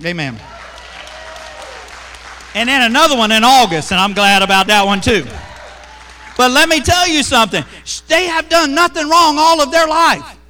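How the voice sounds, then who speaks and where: A middle-aged man preaches, and his voice sits high and sounds bright and forceful. He talks in animated bursts and keeps asking the congregation questions. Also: normal speed, long pauses, a faint crowd, slight background noise. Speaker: pastor. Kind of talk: sermon.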